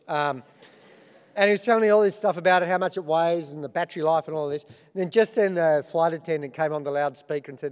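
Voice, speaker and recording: A man's voice: a little high, a little fast, long reverb tail. A middle-aged Australian man hosting an awards ceremony, telling self-deprecating stories with dry punchlines. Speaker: awards host. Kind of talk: comic opening speech.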